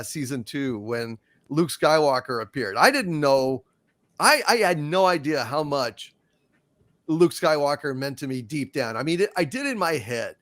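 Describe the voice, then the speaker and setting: A man's voice: a little high, a bit bright. A man hosting a casual live panel chat, talking emotionally in rambling, sweary bursts. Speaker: host.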